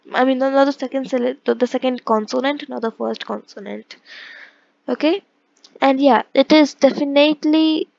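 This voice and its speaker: A woman with a fairly high voice teaches an online language lesson, working through rules step by step and often stopping to correct herself. The recording is dry and close, with a slightly dull, muffled top end. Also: creaky, darkish tone, no room sound. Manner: explains step by step, with frequent self-corrections and fillers.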